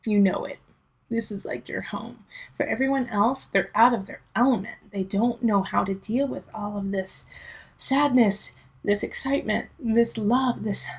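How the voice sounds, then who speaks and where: Casting note: woman in her thirties, tarot reader, gravelly fry, chatty and heartfelt. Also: mid-range voice, rough recording. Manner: chatty, emotional, talks straight to viewers. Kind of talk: casual monthly tarot reading.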